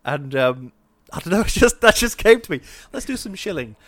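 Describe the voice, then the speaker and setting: A man co-hosting a podcast in easygoing casual chat, quick to laugh. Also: sits high, big pitch swings, a bit bright, slight background noise. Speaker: podcast co-host.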